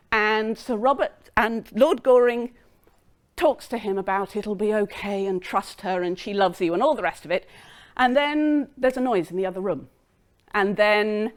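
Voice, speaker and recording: A woman giving a lecture, retelling a play's plot in a lively way and briefly acting out the characters' lines. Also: mid-range voice. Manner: lively, acts out lines of dialogue in quick quotes.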